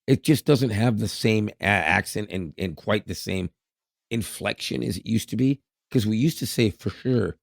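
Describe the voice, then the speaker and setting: A man's voice: on the low side, normal speed, vocal fry, no echo, studio quality. A man, co-hosting a podcast in casual chat, laughing often and repeating words. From Canada. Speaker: podcast co-host.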